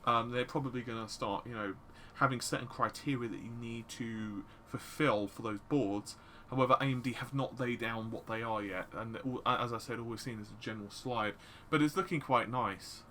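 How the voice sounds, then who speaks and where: A man co-hosting a casual tech podcast, excitable and quick to jump in with jokes. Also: medium pitch, a little hiss or hum. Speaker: podcast co-host.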